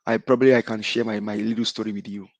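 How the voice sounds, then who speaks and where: A man's voice: fairly low pitch, little pitch movement, quick pace, creaky, dry recording. A middle-aged Nigerian man calling in to a show, giving a fervent speech that denounces his targets with repeated declarations. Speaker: caller. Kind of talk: impassioned call-in speech.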